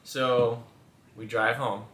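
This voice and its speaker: A man's voice: medium pitch, flat delivery, slow pace, fairly bright tone. A man telling a story casually with his wife, playful and laughing, acting out what was said. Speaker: vlogger, husband. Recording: echoey room, faint background noise.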